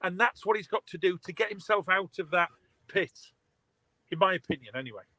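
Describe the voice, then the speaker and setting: A man's voice: sits high, expressive, brisk, bright, forceful tone, no room sound, poor audio. A man, a guest author and artist in a casual chat, emphatic and enthusiastic and prone to repeating words.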